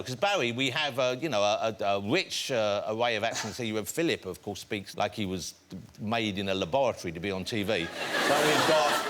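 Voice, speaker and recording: A man's voice: medium pitch, a bit bright. A middle-aged English man hosting a studio chat show, teasing and jokey with his guest. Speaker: talk show host. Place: TV studio with audience. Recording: TV studio with audience noise. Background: studio audience laughing and clapping.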